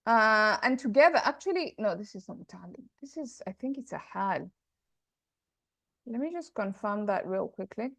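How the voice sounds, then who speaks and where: A woman's voice: mid-range voice, expressive, normal speed, vocal fry, fairly bright tone, no room sound. A woman teaching Arabic grammar in an online class, thinking aloud, correcting herself and checking in with her students.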